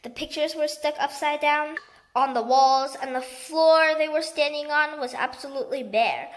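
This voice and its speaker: A woman reading a children's book aloud in a lively storytelling manner. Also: high voice, normal speed. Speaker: storybook reader.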